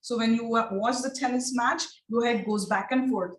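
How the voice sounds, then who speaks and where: A woman training teachers in phonics. She speaks in an encouraging way and drills each sound slowly and repeatedly. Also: a little high. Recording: echoey room, distant mic.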